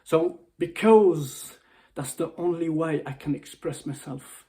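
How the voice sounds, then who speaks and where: A male motivational speaker records an impassioned personal video message, upset and close to tears. His voice is slightly high, slow and warm, and he pleads, repeats himself and keeps restarting his phrases.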